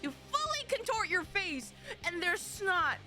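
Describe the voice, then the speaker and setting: High, bright excitable woman streamer. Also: unhurried. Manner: excitable and dramatic, rambling with restarts. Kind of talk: casual live-stream chatter. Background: faint game music.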